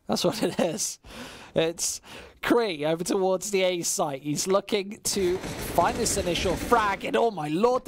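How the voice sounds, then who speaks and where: A man with a West Midlands English accent doing solo play-by-play commentary on a live stream, casual and chatty with chat, surging loud and high on big plays. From West Midlands, England. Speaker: esports commentator.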